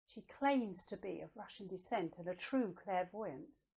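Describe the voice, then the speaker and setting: A woman's voice: medium pitch, lively intonation, measured pace, gravelly, darkish tone, breathy edge, full character voice. A woman as a prim, eager TV presenter. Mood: polite. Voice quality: prim, courteous. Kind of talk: comedy sketch acting.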